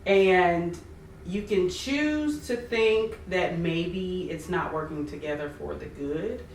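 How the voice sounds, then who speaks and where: A woman who is a podcast guest, giving measured, reflective advice in a casual chat. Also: fairly low pitch, a little hiss or hum. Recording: roomy, distant mic.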